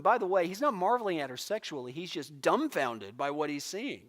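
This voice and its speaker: A man's voice: high voice, lively intonation, moderate pace, sharp tone. A middle-aged man from California teaching a church Bible class, telling stories with acted-out quotes and laughs. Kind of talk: casual Bible lesson.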